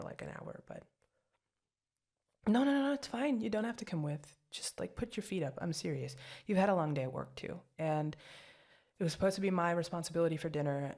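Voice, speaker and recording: In an ASMR girlfriend role-play, a young voice actress plays a chatty, apologetic girlfriend, rambling, giggling and putting herself down. Her voice is low-pitched and darkish with a breathy edge.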